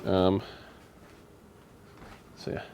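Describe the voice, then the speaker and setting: A man's voice: extremely slow, warm tone. A man co-hosting a live stream from a home kitchen, chatting casually while he cooks and thanks viewers for donations. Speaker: streamer co-host.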